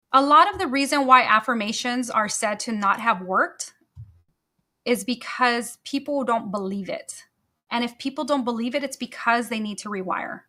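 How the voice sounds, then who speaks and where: Bright, emphatic motivational woman host. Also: fairly high pitch. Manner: energetic, emphatic, repeats key phrases. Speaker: podcast host. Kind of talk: motivational solo talk.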